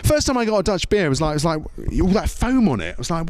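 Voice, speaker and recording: This British man talks fast in a high-pitched voice, recorded with clean studio sound and no room echo. A comedian and MC with a British accent, he delivers an animated, jokey stand-up routine, acting out little voices.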